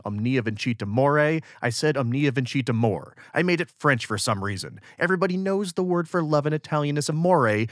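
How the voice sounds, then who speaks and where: A man's voice: mid-range voice, fairly bright tone, no echo, studio quality. A man from upstate New York hosting a history podcast, narrating from a script in a wry, self-deprecating way. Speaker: podcast host.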